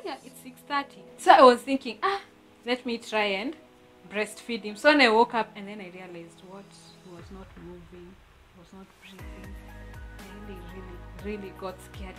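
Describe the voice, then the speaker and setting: A young woman sharing a personal testimony, telling her story earnestly and with deep emotion. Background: music.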